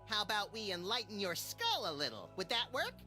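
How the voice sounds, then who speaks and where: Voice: mid-range voice, wildly swooping pitch, fairly quick, bright, forceful tone, faint music behind. A performer voicing a hyper, wisecracking and violent animal sidekick in a video game. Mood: manic. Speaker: game character.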